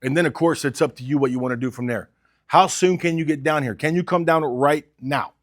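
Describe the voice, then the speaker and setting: A man's voice: a little high, a little fast. A man coaching car salespeople, talking with energy and urgency and acting out sales calls. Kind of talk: sales training talk.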